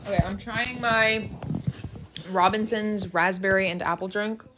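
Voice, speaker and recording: A woman's voice: mid-range voice, steady tone, a little slow, background noise. A woman chatting offhandedly about food and snacks in a hotel room. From United States. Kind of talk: casual travel vlog chat.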